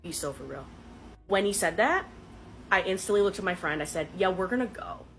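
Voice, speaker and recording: A woman's voice: medium pitch, lively intonation, brisk, fairly bright tone, soft background music, low-quality recording. A young woman telling a dating story to her phone camera in a casual, dramatic, sarcastic way. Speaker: dating content creator.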